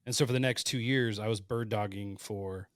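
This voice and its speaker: Animated storytelling man in his thirties. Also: fairly low pitch, moderate pace, dry recording, clean studio sound. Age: 30s. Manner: animated, acts out quoted voices. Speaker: podcast guest, hunter. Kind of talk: casual storytelling.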